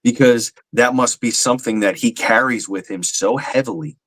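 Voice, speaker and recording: A man's voice: medium pitch, normal speed, a bit bright, no room sound, poor audio. A man, talking earnestly in a casual paranormal podcast, with many fillers. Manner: earnest, rambling, frequent fillers. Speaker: paranormal medium, podcast guest.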